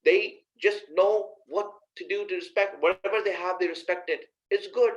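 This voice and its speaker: A man's voice: sits high, fairly even intonation, normal speed. Conversational male preacher, slightly lo-fi. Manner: conversational, addresses listeners directly with rhetorical questions. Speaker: Islamic preacher. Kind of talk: sermon.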